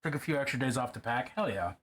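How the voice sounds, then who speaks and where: A man's voice: mid-range voice, expressive, fast, a bit bright. A man casually chatting and swearing to himself while painting a miniature on a live stream. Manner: profane, joking, talks to himself while working.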